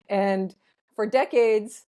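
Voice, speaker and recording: A woman's voice: mid-range voice, warm tone. A woman guest in a casual interview, explaining ideas thoughtfully and laughing lightly between points. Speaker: ethnobotanist guest.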